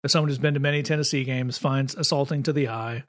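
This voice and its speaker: A man with a Southern accent co-hosting a podcast, talking quickly and wryly in casual comedic chat. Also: medium pitch, fairly even intonation. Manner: quick, wry, with frequent restarts. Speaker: podcast co-host.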